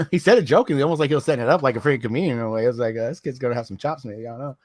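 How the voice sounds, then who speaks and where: A man's voice: medium pitch, racing, darkish tone, dry recording. A middle-aged man telling a rambling story in casual voice chat, full of fillers and laughter. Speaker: voice chat participant.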